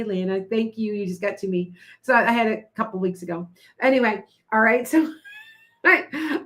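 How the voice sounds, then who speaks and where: A middle-aged woman, a tarot reader, chatting casually with live-stream viewers, blunt and quick to laugh. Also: medium pitch, a bit bright. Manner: blunt, chatty, laughs often, reads viewer comments aloud.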